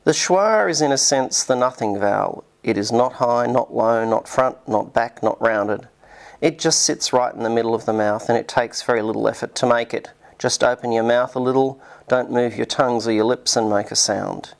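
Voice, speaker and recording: A man delivers a scripted linguistics lecture in a measured, explanatory manner. His voice carries a gravelly edge at an ordinary pitch.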